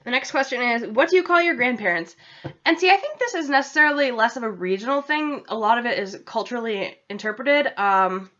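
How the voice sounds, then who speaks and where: A woman's voice: on the high side, animated, a little fast, bright, forceful tone. Chatty young New England woman. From central Massachusetts. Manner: chatty, rambling, self-deprecating. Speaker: vlogger. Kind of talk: casual chat to camera. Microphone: laptop webcam. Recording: dull lo-fi laptop audio.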